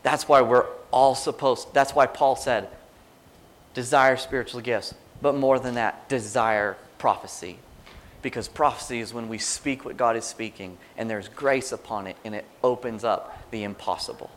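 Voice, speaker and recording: A man preaching a sermon in a conversational, animated way, acting out quoted prayers and reactions. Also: medium pitch, moderate pace.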